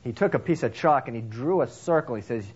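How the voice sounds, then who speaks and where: A pastor delivers a sermon built around a story, speaking fast and relaxed in a slightly rough voice full of restarts and fillers. He acts out characters' lines with lively, big swings in pitch, and the recording sounds somewhat dull and lo-fi.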